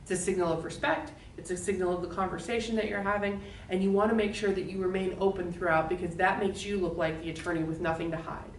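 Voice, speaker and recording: A woman giving a recorded lecture as a law instructor, explaining in a clear, steady way. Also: on the low side, fast, hardly any pauses, reverberant, distant mic, slight background noise, low-quality recording.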